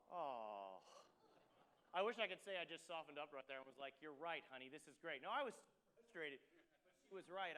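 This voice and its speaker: A man preaching a sermon as pastor, telling a story in an animated way and acting out the dialogue. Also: a little high, in a large hall. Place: church sanctuary.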